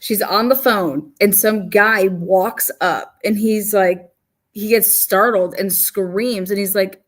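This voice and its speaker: A woman's voice: mid-range voice, steady tone, slow pace. A woman giving casual true crime commentary, chatty and incredulous as she replays a clip.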